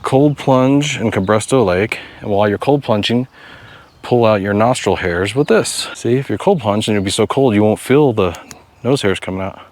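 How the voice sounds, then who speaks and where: A man narrating a casual outdoor travel vlog, joking to himself while he explores a lake and drives a rough road. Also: on the low side, moderate pace. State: out of breath at altitude. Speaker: travel vlogger. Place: outdoors by a mountain lake and in a vehicle.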